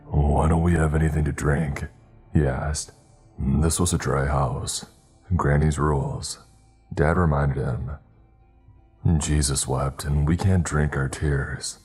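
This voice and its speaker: A man narrating a first-person horror story in a slow, measured, grim way. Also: extremely low pitch, warm tone.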